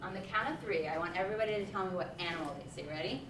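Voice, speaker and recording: A woman presenting a hands-on workshop to early childhood teachers, lively and encouraging, often saying um. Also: on the low side, very fast. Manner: lively, encouraging, with frequent ums. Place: large room with a group. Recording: echoey, distant, noisy room recording.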